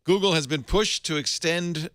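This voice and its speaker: A man's voice: fairly high pitch, normal speed, fairly bright tone, dry recording, clean studio sound. A man hosting a casual tech panel chat, joking, laughing often and reading quotes aloud. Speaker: podcast host.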